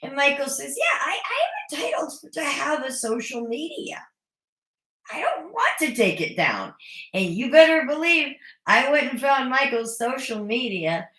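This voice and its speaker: A woman's voice: on the low side, bright, forceful tone, reverberant. A woman recapping a reality show in a casual, chatty way, opinionated with sarcastic asides. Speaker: recap vlogger. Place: home.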